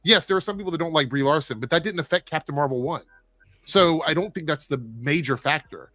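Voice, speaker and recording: A man's voice: a little high, sharp tone, no room sound. A man hosting a casual livestream chat, reading viewer messages and giving his opinions. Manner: opinionated, talks fast, reads viewer messages. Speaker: show host.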